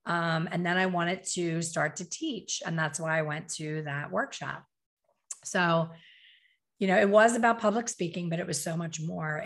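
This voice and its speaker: A woman's voice: fairly low pitch, gravelly, a bit bright. A middle-aged woman telling her personal story in a candid, conversational way, acting out her own past thoughts.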